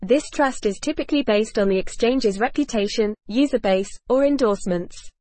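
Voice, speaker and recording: A woman's voice: a little high, moderate pace, mellow, no room sound. A woman hosting a scripted podcast discussion in a polished, evenly read delivery. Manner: polished, evenly read, reads cue notes aloud. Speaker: podcast host.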